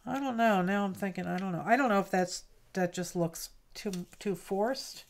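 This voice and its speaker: A woman's voice: medium pitch, moderate pace, creaky. A woman hosting a craft livestream, chatting casually with viewers by name and thinking aloud as she works.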